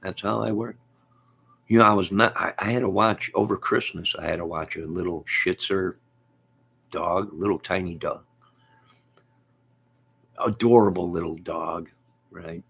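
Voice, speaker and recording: A man's voice: sits low, steady tone, unhurried, vocal fry, long pauses, a bit bright, breathy edge. A man hosting a casual live stream from home, rambling about his day, reading out viewer comments and laughing often.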